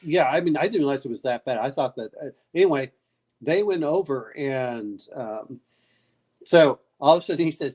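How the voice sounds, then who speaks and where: A man's voice: medium pitch, animated, normal speed, a little mellow, husky. A man chatting late at night, telling rambling family stories and acting out what people said, with many restarts. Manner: rambling storyteller, restarts often, acts out quotes. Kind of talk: casual late-night chat.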